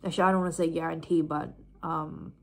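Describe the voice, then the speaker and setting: A woman's voice: sits low, level tone, quick pace, darkish tone. A woman venting to camera in a rambling, swearing way while eating.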